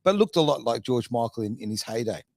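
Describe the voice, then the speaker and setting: A man's voice: mid-range voice, animated, fast, a little mellow, no echo, studio quality. A man, hosting a casual podcast chat, talking in a chatty, self-mocking way with lots of fillers. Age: 50s. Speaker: radio podcast host.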